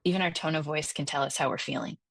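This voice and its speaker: Deep-voiced playful woman guest, dry sound. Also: steady tone, fast, gravelly, no echo. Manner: playful and encouraging. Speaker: guest, life coach and spiritual director. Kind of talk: casual interview chat.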